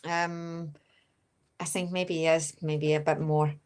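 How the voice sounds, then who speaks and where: A woman's voice: deep voice, level tone, slow pace, darkish tone, smooth. A woman who is a new medium, talking hesitantly with lots of fillers on a live show.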